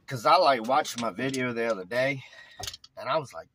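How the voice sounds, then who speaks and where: A man with a Southern drawl vlogging casually, rambling in a folksy, animated way. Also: mid-range voice, moderate pace, noisy background. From Virginia. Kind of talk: casual chat, vlogging while driving.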